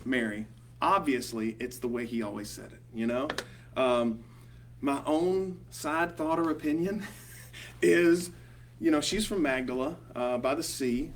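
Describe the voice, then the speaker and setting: A man with a Southern accent leading a small group Bible study, talking casually and rambling, with lots of ums and "you know". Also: mid-range voice. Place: small group meeting room. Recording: distant mic with faint hum.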